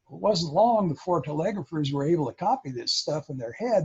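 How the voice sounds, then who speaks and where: Slow, raspy-voiced man explaining. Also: fairly high pitch, lo-fi sound. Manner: explaining, imitating Morse sounds. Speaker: presenter at a radio club. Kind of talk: show-and-tell talk.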